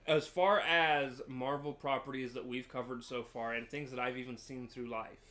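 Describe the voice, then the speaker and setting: Podcast host guy rambling through a review, lots of ums, sharp bright tone. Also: medium pitch, steady tone, normal speed. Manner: talkative, explains at length with frequent ums. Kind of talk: casual review chat.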